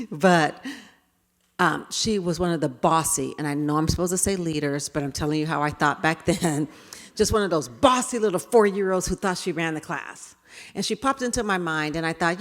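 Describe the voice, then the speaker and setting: A woman speaker telling stories to an audience in an animated way, acting out scenes. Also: low-pitched, moderate pace. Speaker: keynote speaker. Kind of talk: storytelling talk to an audience. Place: event hall. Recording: reverberant hall.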